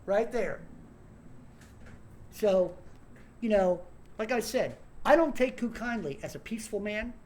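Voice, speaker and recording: A man's voice: high voice, animated, a little slow, long pauses, darkish tone. A man in an angry, swearing political rant who keeps stumbling over and repeating words. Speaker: online commentator.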